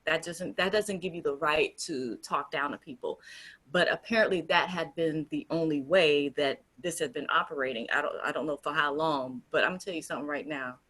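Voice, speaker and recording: Low-pitched woman co-host, emphatic, keeps restarting her sentences. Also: fairly quick, a bit bright. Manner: earnest, emphatic, with frequent restarts. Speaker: group founder and co-host. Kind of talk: casual discussion.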